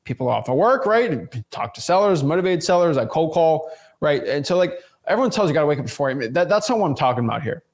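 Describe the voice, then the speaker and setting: Emphatic man giving a motivational talk. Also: on the high side. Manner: emphatic, repeats words, addresses viewers as y'all. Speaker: real estate investing YouTuber.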